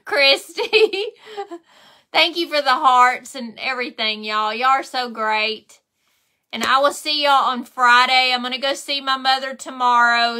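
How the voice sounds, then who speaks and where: A woman's voice: fairly high pitch, pushed and bright. A woman hosting a craft livestream, chatting casually while she paints and thanking viewers by name.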